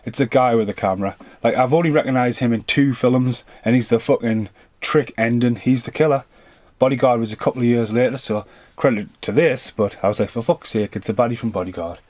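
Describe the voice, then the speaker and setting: A man's voice: mid-range voice, brisk, a little mellow, no echo. A man in his thirties or forties doing an unscripted film review rant, rambling, swearing freely and drifting off on tangents.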